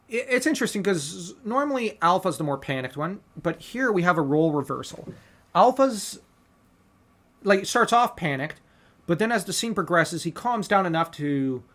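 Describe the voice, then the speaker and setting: A man's voice: a little high, a bit bright. A man co-hosting a podcast, casually analyzing a movie scene shot for shot and earnestly laying out his own fan theories. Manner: earnest, theorizing, talks through ideas at length. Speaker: podcast co-host.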